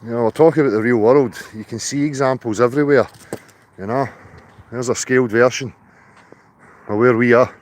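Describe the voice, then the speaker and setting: A man's voice: medium pitch, fairly even intonation, fairly quick, long pauses. A man hosting a casual livestream outdoors, chatty and loose, swearing now and then. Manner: chatty, greets viewers by name, swears in asides. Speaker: livestream host.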